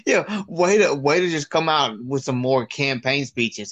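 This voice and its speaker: A man's voice: on the high side, expressive, a little slow, few pauses, a bit bright. A man co-hosting a casual comedy podcast, exclaiming a lot and cracking up with laughter. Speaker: podcast co-host. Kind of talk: casual comedic recap chat.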